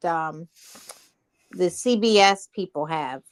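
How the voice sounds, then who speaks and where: A woman's voice: fairly low pitch, slow pace, clean tone, no echo. A woman on a sports talk panel, giving opinions in an offhand way.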